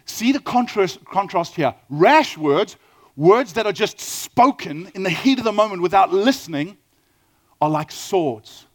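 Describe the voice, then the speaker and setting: A middle-aged man with a South African accent, preaching a sermon with lively storytelling and questions to the audience. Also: high voice, a little slow. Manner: animated storytelling, asks the audience questions, acts out quoted dialogue. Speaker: pastor.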